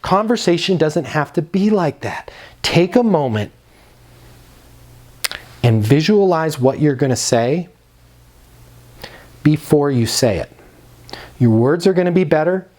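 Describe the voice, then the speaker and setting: A man coaches leasing agents in a motivational training talk. His voice sits a little high, and he speaks directly and emphatically, slowing down and stretching key words to drive them home. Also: lively intonation, darkish tone.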